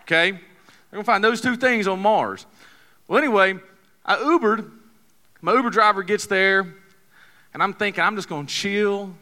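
A man's voice: sits high, normal speed, pauses often, bright, forceful tone. A man, preaching a sermon in a folksy, joking, conversational way, telling a story to his congregation. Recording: long hall reverb.

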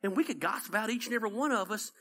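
A man's voice: high voice, rapid-fire, sharp tone. A man with a Southern accent preaching a conversational sermon as pastor. He tells stories with energy and repeats his points for emphasis.

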